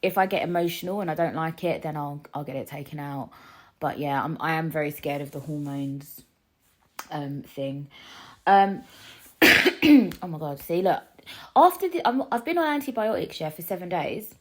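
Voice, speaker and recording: A woman's voice: low voice, animated, normal speed. A woman hosting her own podcast, chatting in a confiding way with many restarts and a lingering cough, recorded in a living room. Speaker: podcast host. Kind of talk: casual solo podcast chat.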